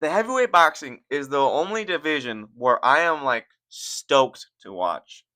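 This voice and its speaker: A man's voice: fairly high pitch, expressive, a little slow, pushed and bright. A young man hosting casual, profane reaction commentary on fight sports, rambling and laughing as he goes. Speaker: commentary channel host.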